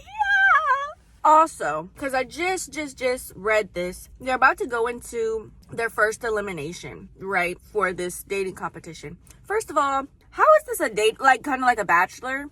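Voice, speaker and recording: Bright-voiced chatty woman book vlogger. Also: medium pitch, no echo. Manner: chatty and expressive, rambling asides. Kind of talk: casual reading vlog chat. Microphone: phone.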